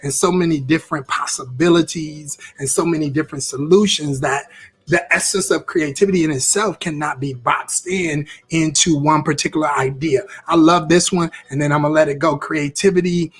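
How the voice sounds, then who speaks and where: A man's voice: fairly high pitch, fairly even intonation, normal speed, slightly rough. A man teaching a live-streamed interactive class on creativity, upbeat, repeating phrases as he reacts to viewer comments.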